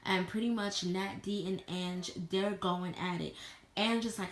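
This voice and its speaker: Gravelly-voiced woman, blunt and profane. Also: medium pitch, moderate pace. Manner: blunt, profane, animated retelling with slang. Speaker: reality TV reviewer. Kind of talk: casual chat. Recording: echoey room with faint ambient noise.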